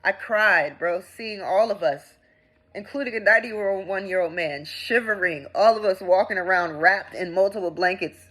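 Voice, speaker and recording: A young woman and veteran, ranting with indignation in a vlog, swinging between loud outbursts and low mutters. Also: moderate pace, low-quality recording. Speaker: veteran vlogger. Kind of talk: impassioned vlog rant.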